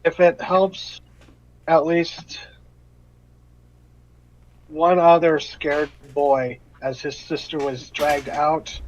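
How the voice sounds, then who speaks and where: A man voicing a guarded, weary company agent who speaks in measured, halting phrases. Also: fairly high pitch. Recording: muffled online call audio.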